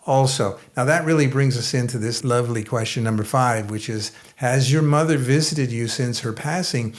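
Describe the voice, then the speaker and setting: A man hosting a podcast, with a plain, mid-pitched voice. He talks in a measured, reflective way before he moves on to his next question. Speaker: podcast host.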